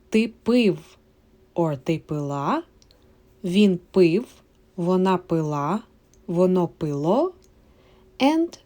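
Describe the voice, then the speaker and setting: Slow, mellow-voiced woman teaching. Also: on the low side. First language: Ukrainian. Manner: patient, repeats words slowly for learners. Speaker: language teacher. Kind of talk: slow, clear explanatory lesson.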